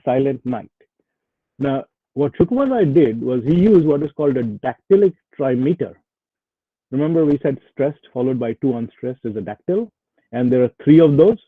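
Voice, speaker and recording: A man's voice: medium pitch, no room sound. A man giving a webinar lecture to students, explaining poetic meter step by step. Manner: explanatory, walks through examples step by step. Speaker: guest lecturer. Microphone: video call. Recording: dry tinny phone-like audio.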